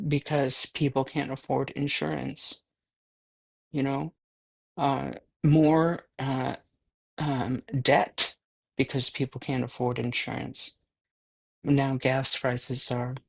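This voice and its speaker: Buddhist nun, relaxed spoken dharma talk, gravelly voice with many fillers. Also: female voice, low voice. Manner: conversational, self-deprecating, many fillers. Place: livestreamed talk.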